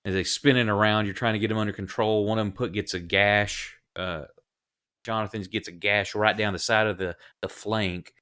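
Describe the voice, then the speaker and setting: A man narrating as game master in a tabletop game, relaxed and halting with fillers. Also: lowish voice, clear, resonant tone.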